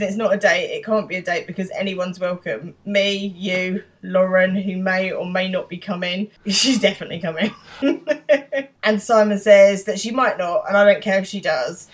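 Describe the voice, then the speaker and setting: Woman briskly retelling an episode. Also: medium pitch, fairly even intonation. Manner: narrates plot quickly, quoting lines, with laughs. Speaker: podcast co-host. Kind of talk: casual recap chat.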